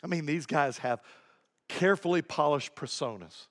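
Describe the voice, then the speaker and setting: A male pastor preaching a sermon, emphatic, repeating key phrases and swinging between low asides and raised points. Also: moderate pace.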